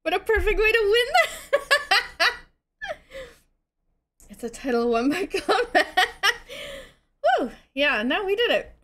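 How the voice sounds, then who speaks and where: A woman's voice: very high-pitched, takes it slowly, long pauses. A woman live-streaming a video game, chatting casually, giggling and thanking her viewers. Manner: giggly, animated, talks to herself and thanks chat.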